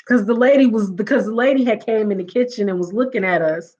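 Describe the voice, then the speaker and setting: A woman's voice: on the high side, brisk. A woman casually telling a funny family story to her live viewers, laughing often and acting out what her relatives said. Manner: animated, laughs often, acts out quoted relatives. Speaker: livestream host. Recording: dull lo-fi audio.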